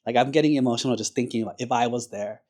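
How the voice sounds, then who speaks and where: A monk gives a sermon in a relaxed, conversational manner, full of casual fillers and little stories. His voice is mellow and warm, sitting at an ordinary male pitch. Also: racing. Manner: conversational, uses casual fillers like "like" and "you know"; storytelling, acts out quoted characters. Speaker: Buddhist monk teacher.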